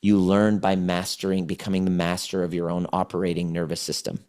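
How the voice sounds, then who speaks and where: A man's voice: low voice, monotone, brisk, a little mellow, smooth. A man on a podcast as a trauma healing coach. He tells a client's story and acts out her replies with a lot of energy. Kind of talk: conversational storytelling.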